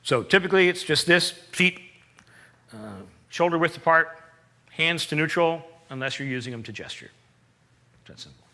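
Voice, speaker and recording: A man giving a presentation-skills seminar in a lively, emphatic, conversational way with playful asides. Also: a little high, moderate pace, pauses often. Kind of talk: live seminar talk. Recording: long hall reverb.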